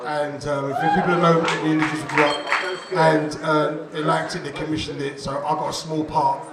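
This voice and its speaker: A man performing a stand-up comedy set on a club stage, animated and laughing, shouting his punchlines. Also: on the high side, moderate pace, heavy background noise. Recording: echoey club room, distant mic, loud crowd.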